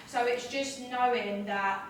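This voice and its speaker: A woman's voice: on the high side, fairly even intonation, takes it slowly, slight background noise. A woman who runs a marketing agency speaking candidly and encouragingly to an audience. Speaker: business owner speaking at an event. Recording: echoey room, speaker far from the mic.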